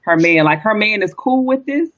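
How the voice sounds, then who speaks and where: A woman's voice: mid-range voice, lively intonation, normal speed, fairly bright tone, lo-fi sound. A woman questioning a guest in a casual chat, incredulous and probing.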